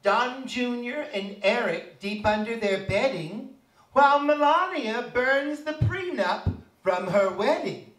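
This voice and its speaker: Brief: a campy male drag performer reciting satirical rhyming verse slowly, from a distance. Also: very high-pitched, animated, fairly bright tone. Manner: campy, mocking storyteller delivery. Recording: echoey room, voice from a distance.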